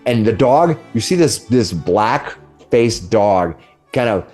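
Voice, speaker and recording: A man's voice: on the low side, lively intonation, slow, darkish tone, soft background music. A man narrating a tabletop game as game master, often repeating words as he goes.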